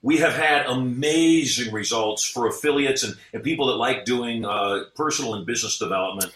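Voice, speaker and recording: A man's voice: medium pitch, moderate pace, a bit bright. A middle-aged man talking as a podcast guest, an earnest storyteller who acts out the people he quotes. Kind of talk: motivational interview talk. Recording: echoey, off-mic sound.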